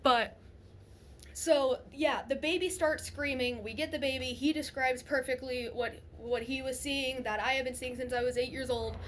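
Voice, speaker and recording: A woman's voice: sits high, steady tone, normal speed, slight background noise. A young woman casually telling a frightening paranormal story, rambling and swearing as she goes. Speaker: storyteller sharing a paranormal experience.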